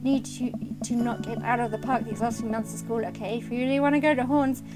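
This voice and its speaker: A soft-hearted game dad, read by a woman in her own voice, talks to his daughter earnestly and fondly. The voice is a touch high for the role. Music runs underneath. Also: fairly even intonation, fast talker, natural voice. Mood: serious. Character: doting sentimental single dad, middle-aged man.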